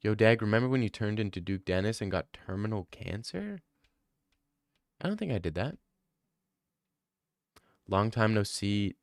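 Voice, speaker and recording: A young male streamer talking loosely and cracking jokes, with plenty of swearing along the way. His voice is smooth and crisp. The sound is dry and close, with no room around it. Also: lowish voice, lively intonation, moderate pace, long pauses, dry recording. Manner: joking, profane, rambling. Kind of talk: casual live-stream chat.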